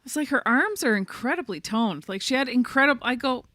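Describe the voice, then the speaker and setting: Bright, giggly woman co-host. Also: high-pitched, animated, fairly quick, dry recording, studio quality. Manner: giggly, chatty. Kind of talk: casual podcast chat.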